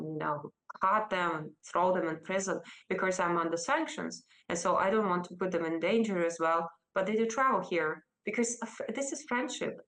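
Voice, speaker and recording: A woman's voice: on the low side, fairly bright tone, poor audio. Defiant Russian-accented woman. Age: 30s. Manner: emphatic, defiant, with halting restarts. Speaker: interviewee, politician. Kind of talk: remote news interview.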